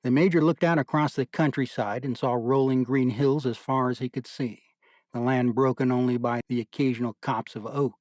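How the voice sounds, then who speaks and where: A man narrating an audiobook in a measured, deliberate storytelling manner. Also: medium pitch, steady tone, a little mellow, dry recording, studio quality.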